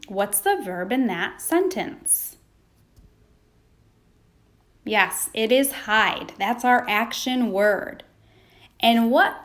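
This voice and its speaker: A woman teaching a phonics lesson to young children, pausing for answers and praising them. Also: fairly high pitch, a bit bright. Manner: slow, patient, prompting pauses for answers.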